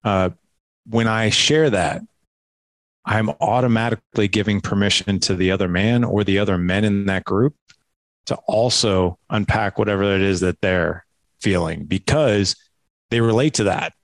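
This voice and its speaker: A man guest on a podcast, telling parenting stories in an animated way and acting out talks with his kids, with a lot of "like" and "right?". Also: fairly low pitch, normal speed, no echo. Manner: animated storytelling, acts out dialogue with his kids; filler-heavy, frequent "like" and "right?". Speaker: podcast guest, dad coach. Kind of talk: conversational interview.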